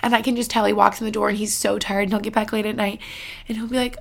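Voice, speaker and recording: A woman's voice: medium pitch, flat delivery, fast, creaky. A young woman vlogging about her relationship in a personal, emotional way, close to tears, full of "like" fillers. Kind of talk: personal vlog talk.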